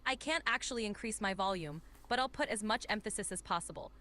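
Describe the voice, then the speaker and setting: Speaking quickly in an animated, mid-range voice, a synthetic female AI assistant cheerfully handles requests. She's polite, upbeat and eager to help, stretching and shouting her vowels. There's slight background noise.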